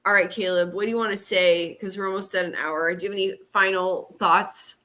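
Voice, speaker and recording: A woman's voice: medium pitch, fairly even intonation, fairly quick, pushed and bright. A woman moderating and co-hosting a casual livestream, chatty and laughing often.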